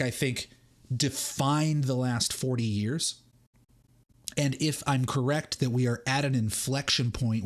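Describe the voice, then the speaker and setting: Man giving market commentary. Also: medium pitch. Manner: analytical, explains and reads passages with asides. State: has the hiccups. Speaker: host of a markets livestream. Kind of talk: solo livestream commentary, reading book excerpts aloud.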